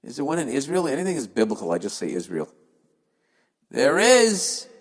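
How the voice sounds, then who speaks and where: A man's voice: medium pitch, huge pitch swings, normal speed, big-room sound. A man hosting a podcast, reading listener emails aloud and ranting about them in a profane, exasperated, sarcastic way. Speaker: podcast host.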